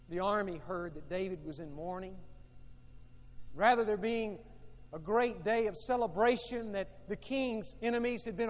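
A male pastor delivers a sermon in a high voice. He is emphatic and repeats his points, moving between loud and quiet. The long reverb of a large church hall trails every phrase. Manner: emphatic and repetitive, swinging between loud and hushed.

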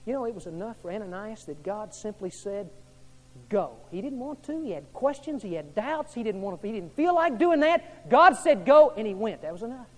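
A male pastor preaches a sermon, swinging between hushed and loud and repeating his questions to the congregation. His voice sits high, expressive and brisk, with hardly any pauses.

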